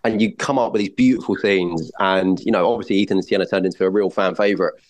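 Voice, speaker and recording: Man, fast talker, fairly low voice, effusive, casual interview guest. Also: fairly even intonation, rough recording. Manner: enthusiastic, effusive, repeats words. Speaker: soap actor, podcast guest.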